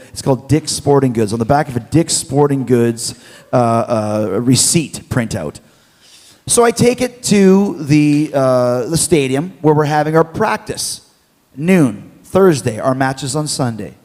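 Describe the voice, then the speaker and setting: A man from Canada, a guest telling stories in an interview, lively and acting out quotes with bits of swearing. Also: medium pitch, big-room sound. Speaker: interview guest, former wrestler. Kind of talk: animated storytelling.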